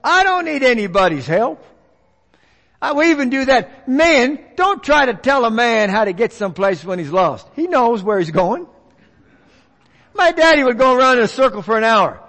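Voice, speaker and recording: A man's voice: very high voice, sing-song, moderate pace, fairly bright tone. A man preaching a folksy sermon, acting out the voices of others. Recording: long reverb of a large hall.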